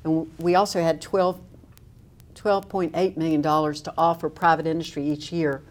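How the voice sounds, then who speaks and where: Lower-pitched woman telling a wry story. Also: moderate pace. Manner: animated storyteller with wry humor. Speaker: interviewee. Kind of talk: storytelling in a recorded interview.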